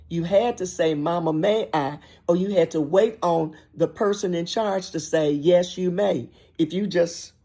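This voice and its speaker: An older woman hosting an inspirational talk show, speaking emphatically and repeating and listing words in a steady rhythm. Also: low-pitched. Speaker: host.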